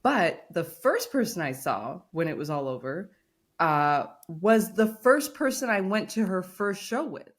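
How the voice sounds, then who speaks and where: A woman with a fairly low voice speaks a little slowly while co-hosting a podcast. In casual conversation she tells an animated story, acting out quoted lines.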